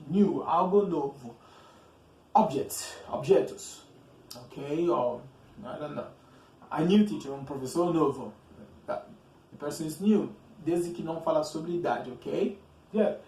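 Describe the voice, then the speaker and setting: Slow, repetitive male English teacher, echoey room. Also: a little high, animated, darkish tone. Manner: speaks slowly, repeats words, checks in with "okay?". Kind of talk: slow, deliberate grammar lesson. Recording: roomy echo with faint ambience.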